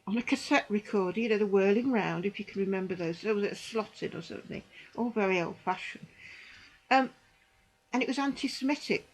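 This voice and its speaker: A woman's voice: mid-range voice, poor audio. A middle-aged woman giving a personal testimony, indignant and emphatic, repeating phrases for emphasis. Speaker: vlogger recounting church experiences.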